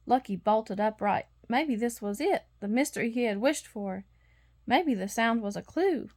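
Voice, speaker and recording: A woman with a fairly high voice reads a children's bedtime story aloud. She narrates expressively and voices the sound effects herself. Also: normal speed, a little mellow. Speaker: storybook reader.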